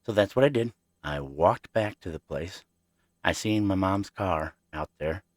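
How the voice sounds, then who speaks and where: A man's voice: sits low, lively intonation, measured pace, dry recording. A man hosting his own podcast, telling childhood stories in a rambling, chatty way and talking straight to his listeners. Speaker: podcast host. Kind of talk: casual storytelling.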